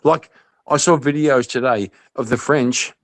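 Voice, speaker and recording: A man's voice: mid-range voice, a little slow. A man in crude casual chat, swearing hard and mock-ranting at his co-hosts. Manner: loud, profane, mock-angry banter.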